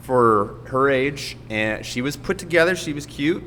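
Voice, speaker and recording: A man's voice: medium pitch, animated, unhurried, pushed and bright, long reverb tail, slight background noise. A man, a podcast guest, telling a story in a self-mocking way and laughing often. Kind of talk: casual storytelling.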